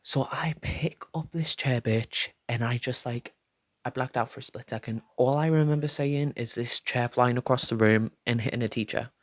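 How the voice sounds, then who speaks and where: Animated, swearing young man. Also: mid-range voice, moderate pace, no room sound, studio quality. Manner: animated, profane, acts out quotes in voices. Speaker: vlogger. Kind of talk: storytime vlog.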